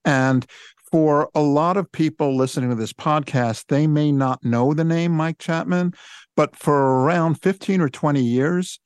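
A man's voice: fairly high pitch, measured pace, clean tone, no echo. Podcast host, man, chatty, dry recording. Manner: casual, chatty, lots of "like". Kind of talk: conversational interview questions.

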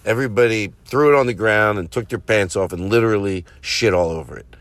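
A man's voice: fairly low pitch, fairly quick, fairly bright tone, no echo. A man hosting his own show, rambling through a profane, self-mocking comedic monologue full of asides. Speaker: comedian podcast host.

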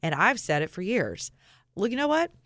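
A woman's voice: mid-range voice, big pitch swings, normal speed, a bit bright, dry recording, clean studio sound. A woman co-hosting a radio talk show, bold and joking as she chats on air. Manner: bold, joking, laughs often. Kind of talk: casual on-air chat.

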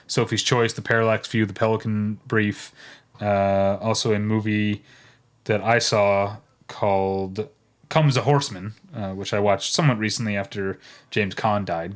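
A man's voice: lowish voice, fairly bright tone. Chatty man co-hosting a podcast. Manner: chatty, rambling with fillers, breaks into brief off-key singing. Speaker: podcast co-host. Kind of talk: casual chat.

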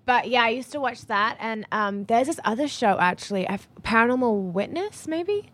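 A woman's voice: fairly high pitch, normal speed. Chatty woman guest, lots of fillers. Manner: relaxed, chatty, laughs often, many fillers. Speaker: guest, voice and motion-capture actor. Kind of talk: casual podcast chat.

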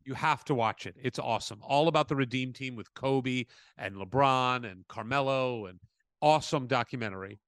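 A man co-hosting a podcast, chatting casually and telling animated stories with acted-out quotes. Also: medium pitch, moderate pace, dry recording. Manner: animated storyteller, acts out quotes. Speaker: podcast co-host. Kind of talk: casual chat.

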